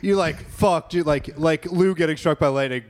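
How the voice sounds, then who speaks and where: A man's voice: fairly high pitch, moderate pace. A man joking and teasing in casual podcast chat.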